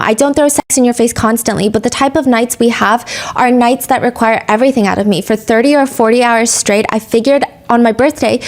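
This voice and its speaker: A woman hosting a true crime podcast, narrating court testimony and reading text messages aloud in an earnest storytelling manner. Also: a little mellow. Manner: earnest storytelling, rises in pitch when reading emotional texts aloud.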